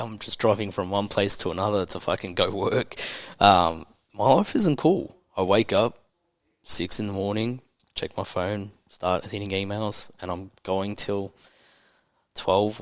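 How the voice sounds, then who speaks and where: A man's voice: on the low side, dry recording, clean studio sound. A man in his thirties with an Australian accent, a podcast guest speaking candidly and bluntly, with frequent swearing and open emotion. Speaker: entrepreneur guest.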